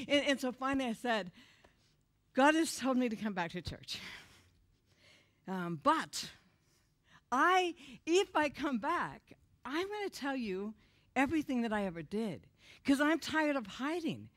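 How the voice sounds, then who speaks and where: A woman's voice: high-pitched, very animated, unhurried, long pauses, fairly bright tone. A middle-aged woman giving a confessional testimony in a church, telling her story with emotion and laughter. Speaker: guest speaker. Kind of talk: testimony sermon.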